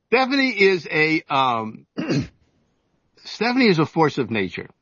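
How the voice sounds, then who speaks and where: A man in his seventies, an author and journalist giving an interview, telling stories in a halting way full of fillers and restarts. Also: a little high, huge pitch swings, a bit bright, breathy edge, no room sound, lo-fi sound. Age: 70s. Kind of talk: casual storytelling interview.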